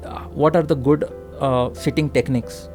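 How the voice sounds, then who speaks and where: A man with an Indian English accent, a neurosurgeon guest in an interview, explaining in a measured way with frequent hesitations. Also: mid-range voice, steady tone, over music. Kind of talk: conversational interview.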